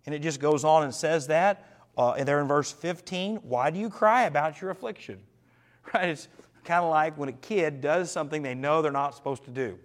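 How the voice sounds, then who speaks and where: Man pastor, earnest Bible study teacher, slightly high voice, slows down for emphasis. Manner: earnest, slows down and drops his voice for emphasis, asks the group questions.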